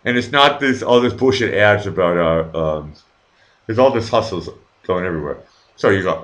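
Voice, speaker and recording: A man's voice: lowish voice, sing-song, brisk, a bit bright. A middle-aged man hosting a live stream, rambling casually, swearing freely and reading viewers' chat aloud with many fillers and restarts. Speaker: livestream host.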